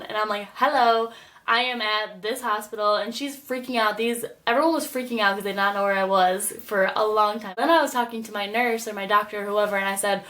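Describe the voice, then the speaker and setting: A woman's voice: fairly high pitch, a bit bright. A young woman telling a story in a casual vlog, chatty and full of "like" and "literally.". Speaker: vlogger.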